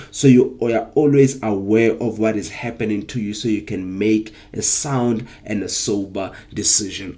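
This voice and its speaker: A man's voice: fairly low pitch, a little mellow. A man teaching a live-streamed trading lesson, drawing viewers in with rhetorical questions and repeating key points. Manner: engaging, asks viewers rhetorical questions and for emoji replies. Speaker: trading coach.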